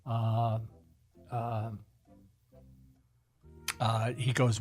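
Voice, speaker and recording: A man's voice: medium pitch, fairly even intonation, a little slow, soft background music. A man hosting a casual chat, retelling old TV shows in a rambling, hesitant way with many fillers. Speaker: host.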